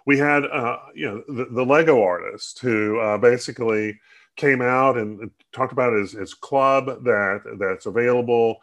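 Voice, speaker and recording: Halting, chatty male podcast co-host. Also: mid-range voice, fairly bright tone. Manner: halting, many restarts and fillers. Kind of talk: casual chat.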